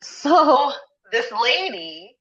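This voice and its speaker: A woman co-hosting a casual podcast chat, telling a story with lively acted-out quotes and frequent hedging. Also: high-pitched, very slow, breathy edge, lo-fi sound. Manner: animated storyteller acting out quotes, hedges often. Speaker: podcast co-host.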